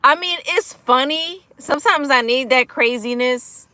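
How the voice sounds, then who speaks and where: A woman hosting a casual livestream, energetic and giggly, laughing often while she chats with viewers and answers their comments. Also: high-pitched, measured pace, no room sound. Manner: chatty, with frequent fillers like "like" and "y'all". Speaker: livestream host of a gambling recovery channel.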